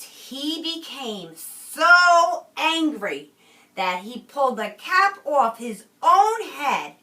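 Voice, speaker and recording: A woman teacher reads a picture book aloud to her class, pausing often to ask the children questions. Her voice is high, bright and very lively, and she takes her time. The recording sounds roomy and a little far off. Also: a little hiss or hum. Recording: roomy, from a distance.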